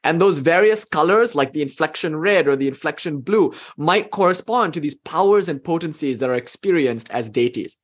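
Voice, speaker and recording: A man's voice: fairly high pitch, lively intonation, normal speed, hardly any pauses, breathy edge. A man giving a live online lecture as a spiritual teacher, speaking in an enthusiastic, conversational way with frequent "you know" fillers. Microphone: video call.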